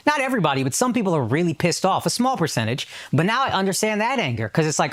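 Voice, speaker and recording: A man's voice: high-pitched, big pitch swings, quick pace, few pauses, fairly bright tone. A man in casual podcast chat, telling a story with lots of emphatic swearing. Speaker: podcast regular.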